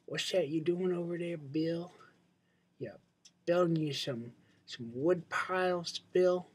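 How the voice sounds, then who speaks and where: A man's voice: a little high, takes it slowly, slightly rough, voice pushed up. Young man impersonating his drawling middle-aged uncle. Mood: craving. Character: fussy middle-aged uncle craving soda and coffee.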